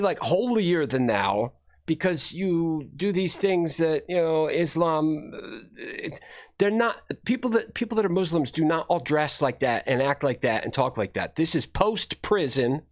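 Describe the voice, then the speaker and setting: A man streaming casual commentary on videos he watches, blunt, rambling and profane. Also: a little high.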